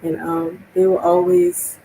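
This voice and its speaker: A woman's voice: on the low side, monotone, unhurried, mellow, slight background noise, rough recording. A woman from New Orleans with a New Orleans accent, streaming a casual monologue, chatty and laughing often as she acts out her own reactions.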